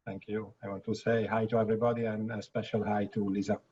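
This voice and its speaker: A man with a French accent on a video call, speaking briefly and calmly. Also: fairly low pitch, quick pace, highs cut off, slight background noise. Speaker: group participant.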